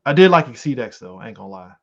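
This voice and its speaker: A man co-hosting a podcast in casual chat, animated and profane, rambling with lots of fillers. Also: medium pitch, racing, vocal fry. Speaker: podcast co-host. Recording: slightly muffled lo-fi audio.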